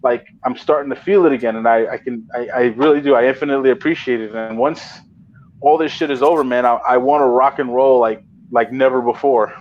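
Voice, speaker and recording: A man's voice: mid-range voice, brisk. A man telling stories in a casual podcast chat, swearing and getting worked up. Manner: profane, excitable storyteller. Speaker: wrestling promotion owner. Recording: dull lo-fi audio.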